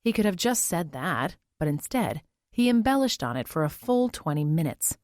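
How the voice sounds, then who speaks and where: Recorded dry at studio quality, a woman with a lowish voice narrates an audiobook from a script. Her delivery is even and measured, like a storyteller's.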